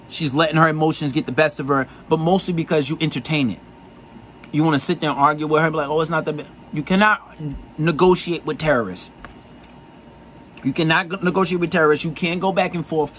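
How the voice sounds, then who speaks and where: A man's voice: fairly high pitch, fairly bright tone, a little hiss or hum, poor audio. A man giving blunt dating advice in a profane, insistent monologue full of repetition.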